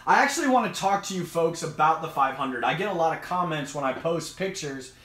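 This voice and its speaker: A man's voice: a little high, lively intonation, brisk, a bit bright, roomy sound. A man hosting a casual live stream, talking with eager, rambling enthusiasm. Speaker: host of an aquarium live stream.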